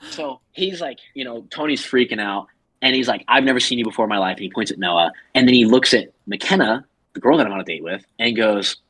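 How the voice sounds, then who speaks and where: A man with a husky, slightly rough voice, close and dry with no room sound. He tells a story as casual podcast chat, rambling and full of "like," and slips into quick impressions of the people he quotes. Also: medium pitch, expressive, fairly bright tone, dry recording, rough recording. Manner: rambling, filler-heavy, acts out quoted people. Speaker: podcast co-host.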